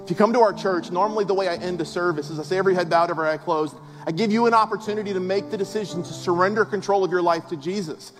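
High-voiced pastor preaching in a reverberant hall. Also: male voice, rapid-fire, few pauses. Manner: conversational, emphatic preaching with rhetorical questions. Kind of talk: sermon. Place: large church auditorium. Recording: long hall reverb with faint music.

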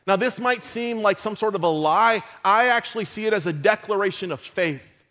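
A man's voice: high-pitched, moderate pace, bright, forceful tone. A man preaching a sermon, retelling a scripture story in a loose, conversational way full of modern asides. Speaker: pastor.

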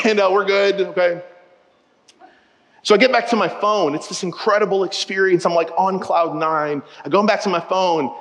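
Man, pastor, high voice, lively joking sermon, church hall reverb. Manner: lively, joking, direct to the congregation. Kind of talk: sermon with humorous storytelling. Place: church auditorium.

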